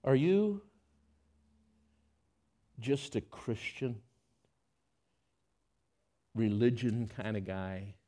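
A man preaching a sermon, his delivery swinging from hushed, intimate phrases to loud, impassioned outbursts. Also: medium pitch, sing-song, extremely slow, long pauses. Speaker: pastor.

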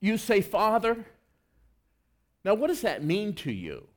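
A male preacher with a notably high voice delivers his sermon in an earnest, conversational way. He leans hard into emphatic lines, then sinks into soft, low stretches. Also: wildly swooping pitch, normal speed.

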